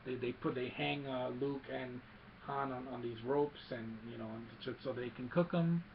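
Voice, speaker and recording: A man excitedly recapping a movie scene by scene, mixing in sound effects and quick character quotes. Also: medium pitch, lo-fi sound, slight background noise. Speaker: movie reviewer.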